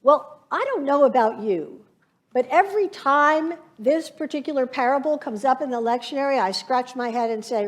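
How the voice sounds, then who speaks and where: A woman pastor preaching a sermon, slow and reflective, painting scenes from scripture for her congregation. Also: sits high, lively intonation.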